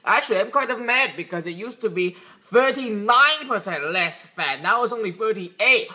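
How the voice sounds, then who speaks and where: A young man hosting a comedic vlog, ranting loudly and excitedly about his day. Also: high voice, measured pace. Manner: loud, excitable comic ranting. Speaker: vlogger.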